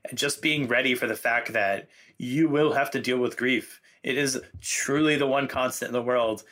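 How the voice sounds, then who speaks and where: A man's voice: medium pitch, steady tone, moderate pace, sharp tone. A man being interviewed as a guest writer, talking in a loose, reflective way with many fillers. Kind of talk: casual conversational interview.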